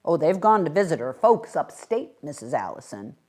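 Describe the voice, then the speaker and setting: A woman reading aloud, voicing a blunt, suspicious rural male shopkeeper who speaks loudly. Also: low-pitched, big pitch swings, moderate pace. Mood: blunt, stubborn.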